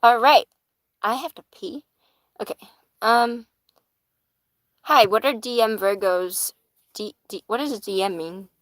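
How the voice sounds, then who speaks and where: A woman's voice: on the high side, unhurried, long pauses, dry recording, low-quality recording. A woman giving casual live-stream tarot readings in a chatty manner, swearing casually and laughing easily. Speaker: tarot reader.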